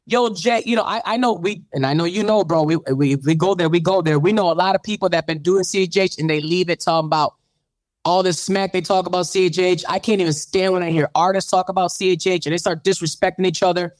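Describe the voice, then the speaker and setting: A man's voice: high voice, steady tone, fast talker, dry recording. A man hosting a radio show, telling his story in an interview with a preacherly lilt that builds to fervent calls. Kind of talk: animated testimony in an interview.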